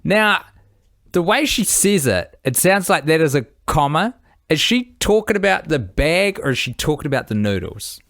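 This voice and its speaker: A man co-hosting a podcast, asking questions in an animated, jokey way. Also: on the high side, moderate pace, dry recording, clean studio sound. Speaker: podcast co-host. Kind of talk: casual chat.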